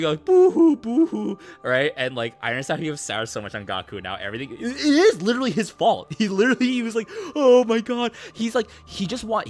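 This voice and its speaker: A male streamer casually recapping a game, rambling and swearing, with lots of fillers and restarts. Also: fairly high pitch. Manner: rambling, profane storytelling with many fillers.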